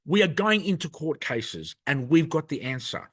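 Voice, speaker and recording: Aussie guy ranting into the camera, fired up and all over the place, kinda higher voice. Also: lively intonation, moderate pace, husky, no room sound. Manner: angry, rambling, emphatic. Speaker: video presenter.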